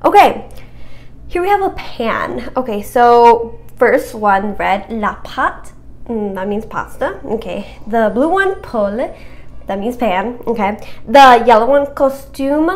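Young woman, high-pitched, chatty, cheerful, casual vocabulary quiz, self-encouraging. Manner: chatty, cheerful, self-encouraging, stumbles over French words. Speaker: French vocabulary tutor.

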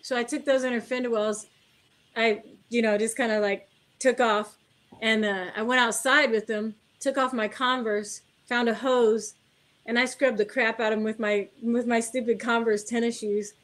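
Woman, middle-aged, slightly high voice, chatty storyteller, acts out quotes, laughs along. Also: normal speed. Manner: animated anecdote telling, acts out dialogue, laughs often. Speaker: guest car builder. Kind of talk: casual interview storytelling.

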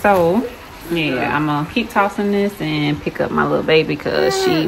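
A woman's voice: low-pitched, lively intonation, normal speed, vocal fry. A young woman with a Southern US accent, chatting casually to the camera as she cooks in her home kitchen. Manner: chatty, talks to camera while cooking. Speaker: home cook, vlogger. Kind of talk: casual cooking chat. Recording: background noise in a home kitchen.

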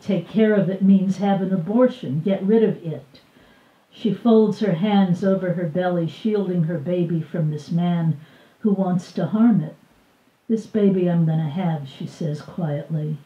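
Older woman reading her memoir aloud. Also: on the low side. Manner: measured, expressive reading with voiced dialogue. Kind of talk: live book reading. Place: bookstore reading event. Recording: roomy, distant, dull live recording.

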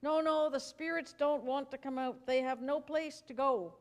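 A woman reading a Bible story aloud, voicing a frantic possessed man in shrill, pleading outbursts. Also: fairly even intonation, normal speed, lightly acted. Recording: reverberant church hall.

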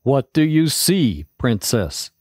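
A man voicing a calm, gruff male ranger commander who gives slow, measured orders. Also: mid-range voice, no room sound, studio quality. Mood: stern.

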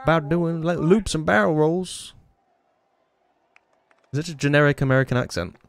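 A man's voice: fairly high pitch, normal speed, gravelly. A man with a Yorkshire accent, a gaming YouTuber chatting loosely and swearing as he sets up a voice changer. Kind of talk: casual gaming commentary.

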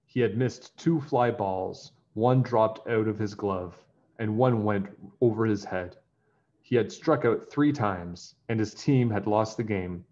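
A man reading a children's picture book aloud in an animated storytelling way. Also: on the low side, measured pace, highs cut off.

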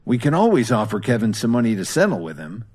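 A man's voice: mid-range voice, very animated, fast talker, a little mellow, breathy edge. A man voicing an anxious, cowardly grown grandson who pleads nervously. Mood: pleading.

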